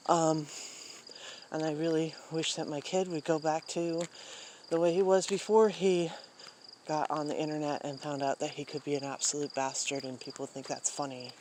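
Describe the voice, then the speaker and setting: A woman's voice: sits low, flat delivery, moderate pace, background noise. A woman talking casually while walking outdoors at night, rambling with many fillers and sighs. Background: crickets and insects.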